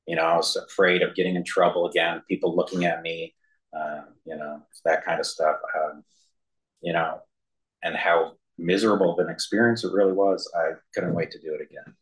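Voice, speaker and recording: A man giving a personal testimony to a room and a video call, halting, with many fillers and self-deprecating humor. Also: low voice, level tone, low-quality recording. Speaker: speaker sharing his recovery story. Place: room with an audience, also streamed to a video call.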